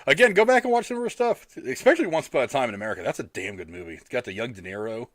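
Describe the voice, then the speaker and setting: A man's voice: medium pitch, very fast, dry recording. A man hosting a podcast in casual, rambling chat. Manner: rambling, animated. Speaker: podcast host.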